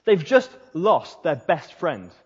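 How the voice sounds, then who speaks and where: A man preaching a sermon and telling a story, lively, then dropping to a hushed voice to stress a point. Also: on the high side, takes it slowly, slightly rough. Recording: dull sound with long hall reverb.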